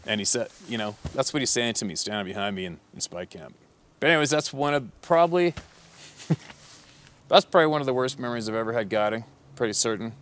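A man's voice: mid-range voice, lively intonation, brisk, fairly bright tone. A man who works as a hunting guide, telling a story in a blunt, profane, rambling way with lots of fillers. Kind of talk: casual storytelling.

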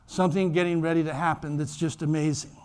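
High-voiced pastor preaching a sermon. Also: male voice, quick pace, clean tone. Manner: animated storytelling, acts out voices. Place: church.

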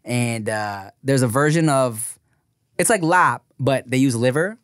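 A man's voice: medium pitch, a little slow, fairly bright tone, no room sound. Guy on a podcast, dry close mic, lots of um and uh, keeps giggling. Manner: rambling with many fillers and giggles. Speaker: podcast co-host. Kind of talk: casual chat.

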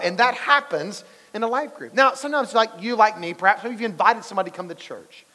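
A man's voice: sits high, quick pace, few pauses, sharp tone. A male pastor giving a conversational sermon, telling stories and asking the congregation questions. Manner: storytelling, asks the congregation questions. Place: church sanctuary. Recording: long reverb of a large church hall.

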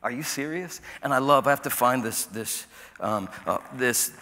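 A man preaching a sermon as pastor, shifting from quiet asides to loud, shouted preaching. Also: medium pitch, normal speed, gravelly, in a large hall. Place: church sanctuary.

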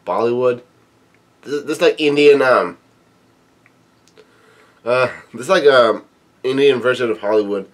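A man with a voice of middling pitch reads a comic chapter aloud in a relaxed, casual way. He keeps breaking off from the text to drop in quick, offhand remarks of his own. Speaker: manga chapter reader and commentator. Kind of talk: casual reading with commentary.

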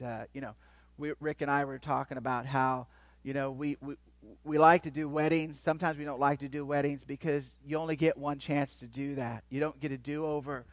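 A man giving a lively, playful sermon as a guest speaker, joking with the crowd and swinging between loud and soft. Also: medium pitch, dry recording. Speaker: guest speaker at a church kids' event. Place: church hall.

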